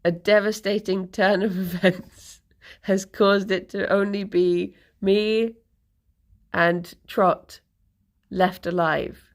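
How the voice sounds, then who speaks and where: A woman's voice: medium pitch, fairly even intonation, slow pace. A woman streamer casually telling a rambling story to her live chat, laughing often and correcting herself as she goes.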